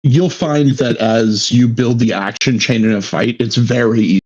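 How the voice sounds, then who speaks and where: Halting man narrating a tabletop game. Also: mid-range voice, a little mellow, highs cut off. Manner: halting, many restarts. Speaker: game master.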